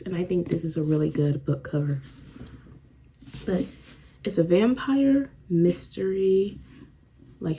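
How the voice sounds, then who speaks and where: Chatty young woman, low-key mellow voice. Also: slight background noise, rough recording. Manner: chatty, rambling, many "like" fillers. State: a bit out of breath. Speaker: book vlogger. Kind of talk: casual vlog chat. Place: room at home with a fan running. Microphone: camera on a stand.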